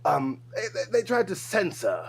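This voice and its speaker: A pompous, stuffy gentleman holds forth in overly formal, mock-posh phrasing, as a man puts him on for laughs. His pitch climbs a little high and swings widely from word to word, and the manner stays haughty and faintly absurd throughout. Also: huge pitch swings, fast, heavy background noise. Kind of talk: comedic bit on a livestream.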